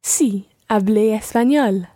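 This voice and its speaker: A woman's voice: medium pitch, slow pace, dark tone, no echo, clean studio sound. A woman learning Spanish, repeating phrases after her teacher. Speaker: language student.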